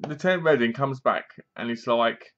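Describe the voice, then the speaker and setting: A man at an ordinary mid pitch talks casually through a film's plot, slipping in dry, mocking jabs. He acts out snatches of scenes in comic voices as he goes. The recording sounds slightly dull and lo-fi. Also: normal speed, a bit bright. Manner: rambling, acts out bits of scenes in funny voices. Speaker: film reviewer. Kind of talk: casual spoken movie review.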